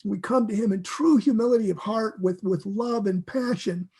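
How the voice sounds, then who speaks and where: A man with a fairly high voice leads a Bible teaching. He speaks earnestly and with feeling, often repeating words and restarting his sentences. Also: moderate pace, warm tone, husky. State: emotional.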